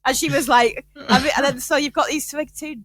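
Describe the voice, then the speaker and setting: Lively woman telling family stories. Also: high-pitched, a little fast, a little hiss or hum. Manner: animated, laughing, swearing, with lots of restarts. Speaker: podcast co-host. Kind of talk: casual storytelling chat.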